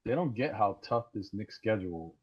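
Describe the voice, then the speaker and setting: A man calling in to a live sports talk show over a voice chat, talking excitedly and rambling, often repeating words as he restarts. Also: fairly low pitch, normal speed, slightly rough. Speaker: caller. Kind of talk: casual call-in sports talk. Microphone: Discord voice call. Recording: dull lo-fi call audio.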